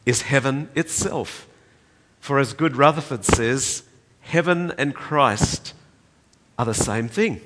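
An older man preaching a sermon, swinging between loud emphatic peaks and soft, hushed passages. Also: medium pitch, takes it slowly. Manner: impassioned, rising to loud emphatic peaks then dropping soft. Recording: reverberant hall.

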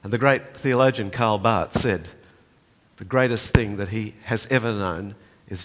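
An older man preaching a sermon, swinging between loud emphatic peaks and soft, hushed passages. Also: fairly low pitch, unhurried. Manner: impassioned, rising to loud emphatic peaks then dropping soft. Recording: reverberant hall.

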